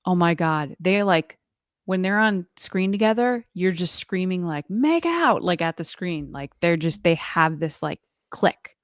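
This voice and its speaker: In a laid-back podcast chat, this co-host's fairly low voice is clear and resonant, steady in tone and a little slow. She says "like" often and plays out quotes in fun voices. Clean studio sound with no room sound.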